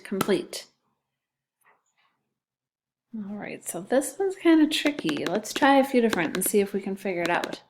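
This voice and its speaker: A woman's voice: mid-range voice, animated, measured pace, long pauses, noisy background. A woman teacher giving a phonics lesson to second graders, patient and sounding out letters and syllables.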